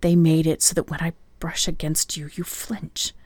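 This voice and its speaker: A guarded young werewolf man speaks low and tight, his words dropping toward a whisper, as a woman reads him aloud. The voice sits on the deeper side and the recording is close and dry, with no room around it. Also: level tone, normal speed, a little mellow, no echo. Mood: brooding. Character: brooding young adult male werewolf, intense and guarded.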